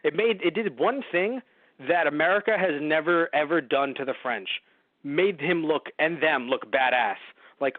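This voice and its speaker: Male podcast co-host, sarcastic rambler, slightly high voice, dry phone-like audio. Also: moderate pace, dry recording. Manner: rambling, sarcastic, swears freely. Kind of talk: casual movie review chat.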